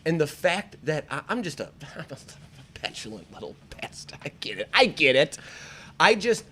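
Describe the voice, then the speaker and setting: A man's voice: a little high, normal speed, a little hiss or hum. A man from the American Midwest co-hosting a casual podcast, swearing a lot and laughing often as he talks. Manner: profane, excitable, laughs often. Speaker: podcast co-host. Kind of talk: casual chat.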